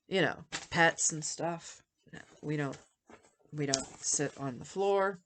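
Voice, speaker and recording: A woman's voice: sits low, sing-song, measured pace. A woman in her fifties talking candidly and with feeling in a personal health vlog, rambling at times. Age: 50s. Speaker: vlogger.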